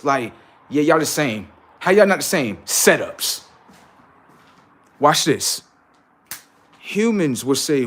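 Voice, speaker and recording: A man with rants on his livestream in a profane, preachy monologue. His voice sits a little high and swings widely in pitch. He climbs from low muttering to near-shouts as he hammers his points home. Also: very animated, a little slow, pauses often. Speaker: livestream host. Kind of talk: unscripted livestream rant.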